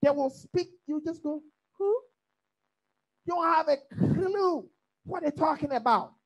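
High-voiced woman preaching a Bible study. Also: moderate pace, dull audio. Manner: rhetorical call-and-response questions; lively, humorous, mimics accents.

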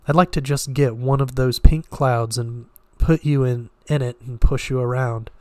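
A man voicing a charming, effusive young woman in a read-aloud novel, lifting his voice into quick, breathless delight. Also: mid-range voice, fairly even intonation, mellow, no room sound, lightly acted. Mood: dreamy.

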